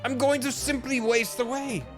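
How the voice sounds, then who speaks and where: A man's voice: extremely high pitch, steady tone, normal speed, soft background music, pitched above the performer's own voice. A man voicing an eccentric male detective who meows and pleads melodramatically for food in a game playthrough. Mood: whiny pleading.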